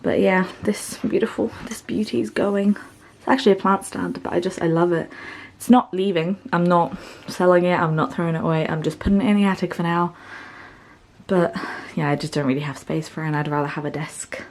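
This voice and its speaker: Young woman vlogger, slightly low voice, casual chat with self-mocking asides, recorded in her bedroom. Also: fairly even intonation, brisk, darkish tone. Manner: chatty and self-deprecating, joking asides. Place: her small bedroom at home.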